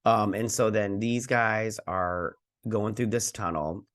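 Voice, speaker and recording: A man's voice: on the low side, takes it slowly. A man hosting a casual video review, retelling scenes in a rambling way with many fillers. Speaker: host.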